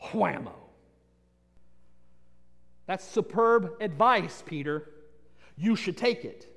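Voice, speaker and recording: A man with a high voice delivers a sermon, building his points through repetition and tossing in playful asides. His words ring out with a long reverb, as in a church. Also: expressive, takes it slowly, creaky, a bit bright. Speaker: pastor.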